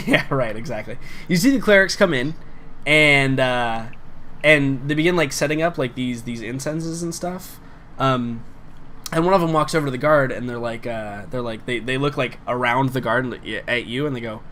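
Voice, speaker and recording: A man's voice: medium pitch, normal speed, bright, forceful tone, a little hiss or hum. A man narrating a tabletop game as game master, casual and rambling with many fillers.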